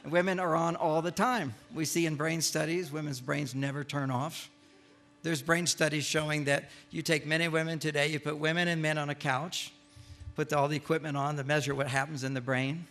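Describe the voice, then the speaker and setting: An older man giving a humorous lecture to a live audience, an animated storyteller who acts out the lines he quotes. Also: on the high side, a little fast. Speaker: speaker giving a talk.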